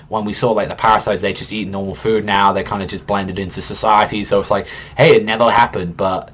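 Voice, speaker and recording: A man's voice: fairly low pitch, steady tone, brisk, a bit bright. A young man reviewing an anime episode in a casual, rambling way, swearing often and filling gaps with "like" and "you know". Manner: rambling, heavy swearing and filler words.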